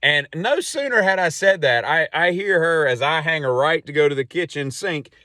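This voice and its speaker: A man hosting a podcast and telling a long casual story in a rambling, animated way with many asides. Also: fairly high pitch, normal speed, no echo, clean studio sound. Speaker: podcast host.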